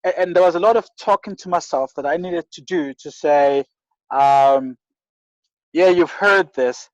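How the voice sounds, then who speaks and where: A man's voice: a little high, moderate pace, darkish tone, no room sound, dull audio. A South African man from rural KwaZulu-Natal, a guest telling stories in an interview, earnest and often restarting his sentences. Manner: earnest, many restarts and repeated words. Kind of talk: reflective interview storytelling.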